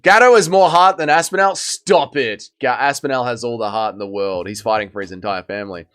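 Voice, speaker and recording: An Australian man hosting a livestream in casual chat, wry and self-mocking and quick to protest as he reads out chat messages. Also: mid-range voice, fairly bright tone, smooth. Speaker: livestream host.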